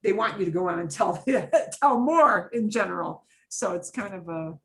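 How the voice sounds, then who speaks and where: A woman's voice: mid-range voice, lively intonation, moderate pace, vocal fry. A middle-aged woman teaching a Spanish class, acting out example phrases with lots of expression. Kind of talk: online class lesson.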